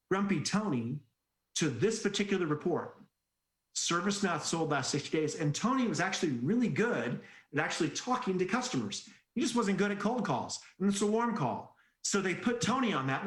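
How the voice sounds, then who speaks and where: A man giving an energetic sales-training presentation, telling stories and asking rhetorical questions. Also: on the high side. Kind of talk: conference presentation. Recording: echoey room.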